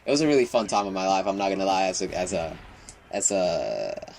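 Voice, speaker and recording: A man's voice: sits low, big pitch swings, fairly quick, vocal fry, darkish tone, a little hiss or hum. A teenage boy vlogging, telling a childhood story in a rambling, profane way with laughs and restarts. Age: teens. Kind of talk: casual storytelling.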